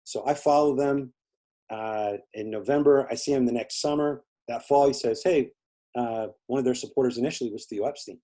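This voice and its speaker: An interview guest from Indiana tells a long, rambling story in casual conversation, full of fillers and acting out the people he quotes. His voice is medium-pitched and warm, at a moderate pace.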